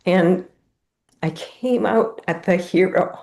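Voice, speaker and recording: A woman guest tells her personal story in an earnest, heartfelt way. Her voice sits a bit low, and she talks very slowly and deliberately. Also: mellow. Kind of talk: personal testimony in a live Q&A.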